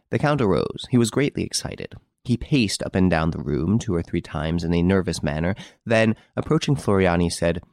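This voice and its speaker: A man narrating a classic novel as an audiobook in a measured, steady storytelling manner. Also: sits low, no echo, clean studio sound.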